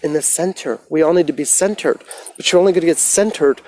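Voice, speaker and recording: A man talking casually into his phone on a livestream, preaching about the mind and meditation with lots of swearing, swinging from soft musing to loud ranting. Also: a little high, fast, a little hiss or hum. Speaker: motivational livestreamer. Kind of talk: casual rambling livestream rant.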